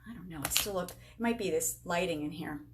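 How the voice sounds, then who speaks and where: A woman in her forties, with a fairly low voice and a brisk delivery, runs a casual live-stream makeup tutorial as a beauty sales rep. She's chatty, upbeat and self-teasing, talking to herself and her viewers while she works. It's recorded on a camera with a halo light, and the background is noisy.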